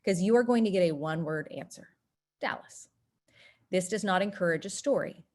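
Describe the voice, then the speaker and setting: Animated woman leading a workshop. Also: fast talker. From North Texas. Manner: animated, acts out quoted voices with big pitch jumps. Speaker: workshop presenter. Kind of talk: lively online workshop talk.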